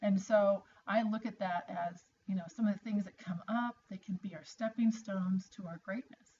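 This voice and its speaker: A woman's voice: mid-range voice, fairly even intonation, normal speed, a little mellow. A middle-aged woman talking straight to her viewers in a chatty, encouraging motivational vlog, restarting sentences as she goes. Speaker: vlogger. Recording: slightly dull lo-fi audio with faint noise.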